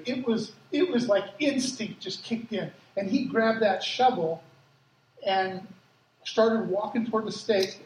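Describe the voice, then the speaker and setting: A man who grew up in Africa, preaching a sermon with lively personal stories and acted-out quotes, as a pastor. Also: high voice, a little hiss or hum. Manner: lively storytelling, acts out quotes. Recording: echoey hall from far off, faint ambience.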